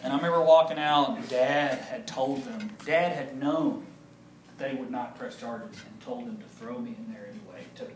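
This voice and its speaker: A male pastor giving his personal testimony in an animated storytelling manner, acting out the voices of people he quotes. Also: medium pitch, moderate pace, noisy background. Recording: echoey room.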